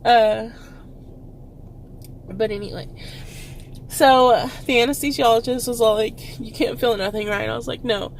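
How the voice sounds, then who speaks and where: A woman's voice: on the high side, gravelly, a little hiss or hum. Tearful young woman telling a story. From Texas. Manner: halting, many fillers, nervous laughs. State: tearful, close to crying. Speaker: vlogger. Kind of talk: emotional personal storytelling.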